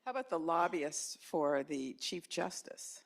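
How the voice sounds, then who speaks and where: A woman, a former member of the House, speaking in a measured, conversational way on a lecture panel with frequent ums. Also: deep voice, expressive, vocal fry.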